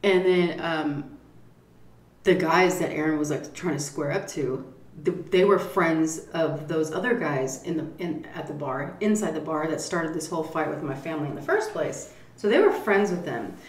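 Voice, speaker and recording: A woman vlogger telling a profane, animated story while eating at a table. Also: low-pitched, normal speed, reverberant. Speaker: mukbang vlogger.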